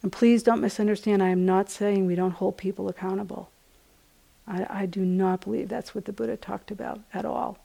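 A woman teaching meditation in a relaxed, conversational dharma talk, filling her speech with small "you know"s. Her voice sits at a middling pitch for a woman and has a gravelly, creaky texture. The talk is given at a retreat center. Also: a little fast. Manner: gentle, conversational, many "you know" fillers.

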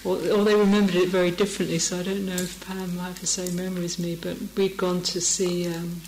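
A woman's voice: on the low side, little pitch movement, fairly quick, darkish tone, a little hiss or hum. A middle-aged woman, giving a dharma talk as a meditation teacher, telling stories and laughing often. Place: meditation hall. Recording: echoey meditation hall.

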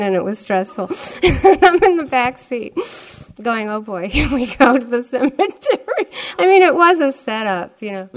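An older woman, a meditation teacher telling a personal story in a dharma talk, animated and laughing often. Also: medium pitch.

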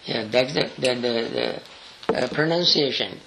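Older Sri monk teaching slowly. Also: male voice, mid-range voice, lively intonation, vocal fry, bright, forceful tone, slight background noise, rough recording. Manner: slow, halting explanations with frequent pauses and spelled-out letters. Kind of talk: scripture study lesson.

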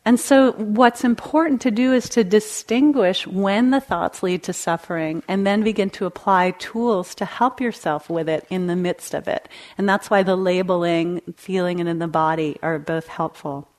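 A woman teacher gives a meditation talk in a meditation hall. Her manner is gentle and conversational, with easy, light laughter as she speaks. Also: on the low side, moderate pace, hardly any pauses. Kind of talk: dharma talk.

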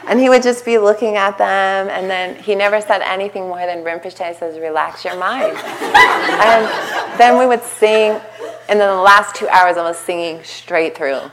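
A woman meditation teacher giving a dharma talk at a retreat center, telling a story with lively acted-out quotes and frequent laughter. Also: medium pitch, low-quality recording. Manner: animated storytelling, acting out quotes, laughing often.

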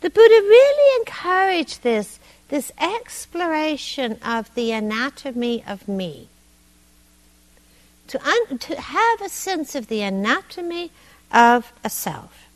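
A woman meditation teacher giving a dharma talk in a meditation hall, conversational and gently humorous. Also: high-pitched, very animated, slow.

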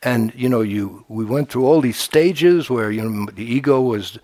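A man's voice: mid-range voice, animated, moderate pace, darkish tone, no echo. Conversational male meditation teacher. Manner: conversational, humorous, with frequent restarts. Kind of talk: dharma talk. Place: meditation retreat center.

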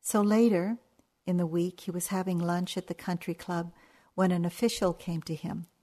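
An older woman giving a dharma talk as a meditation teacher, telling stories in a gentle, unhurried way. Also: lowish voice, little pitch movement. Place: retreat hall.

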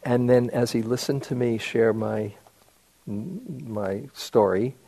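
A man, a meditation teacher, giving a dharma talk to retreat students, telling stories in an unhurried way with gentle restarts and self-deprecating humor. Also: medium pitch, gravelly, slightly rough.

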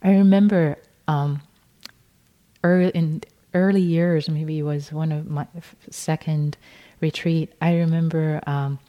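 At a retreat, a woman meditation teacher gives a dharma talk, speaking gently and without hurry, softly repeating words and often restarting phrases. Her voice sits low with fairly even intonation at a measured pace, and the recording is muffled.

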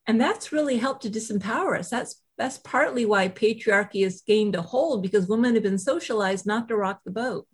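A middle-aged woman, a guest author, telling a personal story in animated, self-deprecating conversation, acting out quotes. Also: medium pitch, moderate pace, few pauses, breathy edge.

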